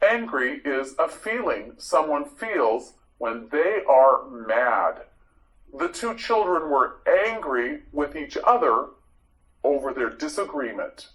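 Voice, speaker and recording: Slow, lively man drilling vocabulary. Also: mid-range voice, rough recording. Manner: clear, deliberate pronunciation with lively intonation. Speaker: English vocabulary teacher.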